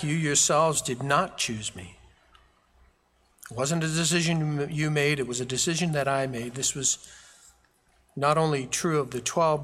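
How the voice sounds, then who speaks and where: A man's voice: a little high, a bit bright. A man preaching a sermon as pastor, with emphatic, repeated phrases. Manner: preaching with rising fervor, emphatic repetition. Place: church sanctuary. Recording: long reverb of a large hall.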